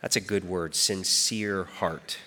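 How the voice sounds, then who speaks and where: Animated male preacher giving a sermon. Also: low voice, takes it slowly. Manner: animated storytelling, voice rising and falling for emphasis. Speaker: pastor.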